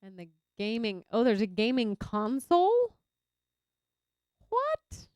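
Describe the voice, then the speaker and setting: A young Texan woman streaming a game and chatting casually, reacting loudly to her viewers. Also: a little high, big pitch swings, moderate pace, clear, resonant tone, no echo. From Texas. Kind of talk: casual chat while gaming.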